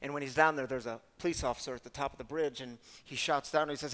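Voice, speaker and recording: A man serving as guest storyteller, delivering a sermon-style story in an animated, conversational way and speaking directly to the audience. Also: mid-range voice, fast, big-room sound.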